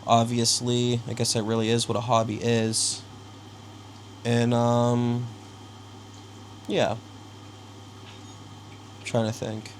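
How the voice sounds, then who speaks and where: A young man vlogging casually from his bedroom, rambling and halting with many fillers. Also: medium pitch, monotone, a little hiss or hum. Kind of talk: casual self-interview. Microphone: small handheld camera.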